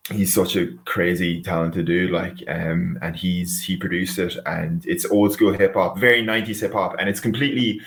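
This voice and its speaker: A man's voice: deep voice, fairly even intonation, moderate pace, few pauses, a bit bright. A man from West Cork with a Cork Irish accent, chatting casually as a musician guest on a podcast and filling his talk with "like". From West Cork, Ireland. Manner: chatty, laughs often, says "like" a lot.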